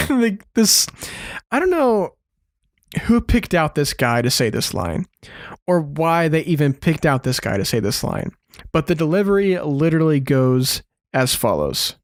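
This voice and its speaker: Excited guy hosting a podcast, kinda high voice, laughs while he talks, dry sound. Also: unhurried, no room sound. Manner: enthusiastic, laughs while telling stories. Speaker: podcast host. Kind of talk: casual chat.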